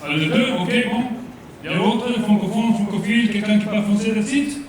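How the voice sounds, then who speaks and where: A comedian playing a cheeky French coach with a heavy put-on French accent, teasing a crowd at a live lunch event. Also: male voice, high voice, fast, lightly acted. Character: boastful French coach, teasing, adult man. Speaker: comedian in character. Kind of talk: live stand-up character act. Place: large function room at a lunch event. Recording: echoey hall from far off, loud crowd.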